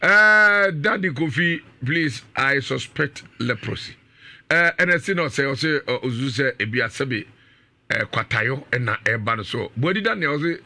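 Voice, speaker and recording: A man with a Ghanaian accent hosting a radio talk show, reading listener comments aloud in a lively way. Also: mid-range voice, measured pace, no room sound.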